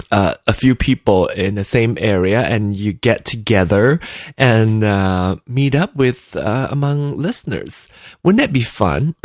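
Guy rambling on his podcast, giggly, slow talker, dry sound, just woke up. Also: mid-range voice, no room sound. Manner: rambling and giggly, lots of fillers. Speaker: podcast host. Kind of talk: solo podcast chat. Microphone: desk mic at computer.

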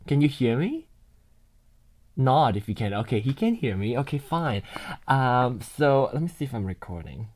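A man's voice: medium pitch, sing-song, moderate pace, darkish tone. A man chatting and rambling live from his bed into a binaural mic, laughing often and swearing casually. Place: bedroom, in bed. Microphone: binaural mic on a computer.

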